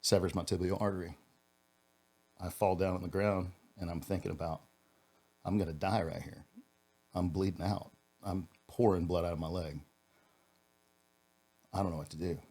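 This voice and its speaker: Deep-voiced man telling an earnest story. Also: fairly even intonation, dark tone. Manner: earnest, halting, with frequent restarts. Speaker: podcast guest, former police officer. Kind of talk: personal storytelling in a podcast interview.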